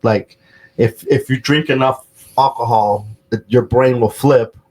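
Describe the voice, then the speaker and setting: A man's voice: medium pitch, fairly even intonation, measured pace, darkish tone, poor audio. A man hosting a podcast, telling stories in a loose, profane, casual way with plenty of fillers. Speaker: podcast host.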